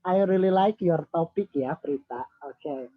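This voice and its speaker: A man with an Indonesian accent, a native Indonesian speaker, giving English feedback in an online lesson and slowly repeating words while correcting pronunciation. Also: on the high side, no echo. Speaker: English tutor. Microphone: video call. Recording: dull lo-fi video call audio.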